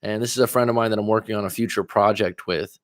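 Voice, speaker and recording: A man's voice: on the low side, fairly even intonation, quick pace, dry recording, studio quality. A man, a coach, talking casually and reflectively to viewers on a livestream, wandering into asides as he thinks aloud. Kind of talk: livestream monologue.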